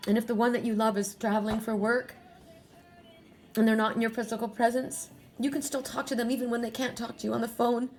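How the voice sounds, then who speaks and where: A woman's voice: fairly high pitch, level tone, fairly quick, darkish tone, faint music behind. A woman giving a spiritual oracle card reading to her viewers. She is earnest and emotional, often restarts and repeats phrases.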